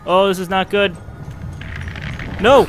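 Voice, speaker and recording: A man commentating his playthrough of a game, excitable, swinging from muttering to yelling. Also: on the high side, measured pace. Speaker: gaming video host. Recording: music from the game behind the voice.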